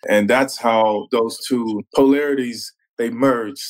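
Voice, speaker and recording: A man's voice: medium pitch, steady tone, takes it slowly, low-quality recording. A former pro football player as a podcast guest, laid-back and casual, often saying "man" and acting out what others said. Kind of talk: casual interview storytelling.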